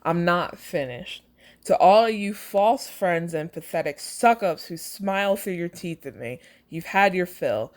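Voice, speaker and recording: A woman reading aloud as a bitter, drunk young rich man, scornful of the guests around him. The voice is low and plain, a storybook reading rather than a performance. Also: animated, a little slow.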